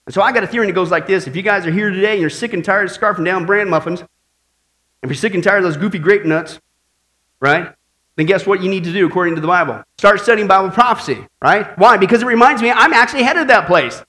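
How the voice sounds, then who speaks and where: A male preacher with a high voice delivers a lively sermon. He tells jokes and keeps asking his listeners questions. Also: fast talker. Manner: animated, tells jokes, asks the congregation questions. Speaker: pastor.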